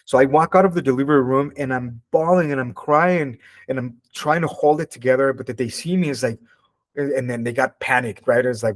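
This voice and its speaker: A man's voice: mid-range voice, steady tone, moderate pace. Guy sharing a heartfelt personal story, earnest and open, pretty emotional. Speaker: spiritual teacher.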